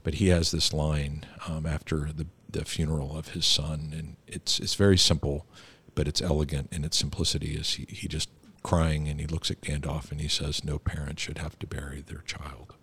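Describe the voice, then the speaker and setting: A man's voice: rumbling low, flat delivery, moderate pace, a bit bright, slightly rough. A man hosting an interview, reflective and affirming as he talks. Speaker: host. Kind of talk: conversational interview.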